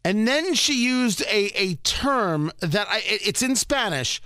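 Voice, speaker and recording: A man's voice: high-pitched, lively intonation, takes it slowly, sharp tone, clean tone, no room sound. A man hosting a talk radio show, giving indignant, sarcastic commentary into a studio microphone.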